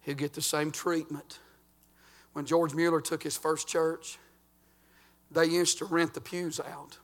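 An older man, a pastor preaching a folksy sermon that swings between loud and quiet. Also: on the high side, flat delivery, measured pace.

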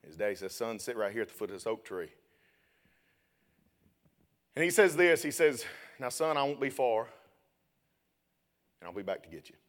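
A young man preaching a sermon, telling a story and then building to loud, shouted preaching. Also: medium pitch, big pitch swings, moderate pace, pauses often.

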